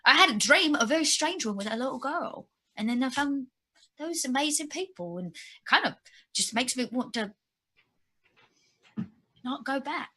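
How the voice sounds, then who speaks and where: A woman's voice: sits high, lively intonation, normal speed, pauses often, bright, forceful tone. A woman playing her character in a tabletop game, hesitant and stammering yet eager. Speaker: player. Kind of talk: in-character tabletop role-play.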